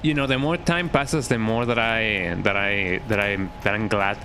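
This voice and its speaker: A man's voice: lowish voice, fairly even intonation, moderate pace, bright, forceful tone, a little hiss or hum. A man streaming a horror game, chatting to his viewers in a rambling, jokey way and often ending his lines with "eh". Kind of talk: casual gameplay chat.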